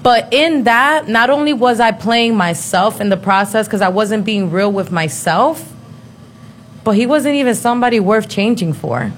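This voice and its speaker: A woman in her thirties talking in a casual chat, blunt, profane and quick to laugh. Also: on the high side, slight background noise. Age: 30s.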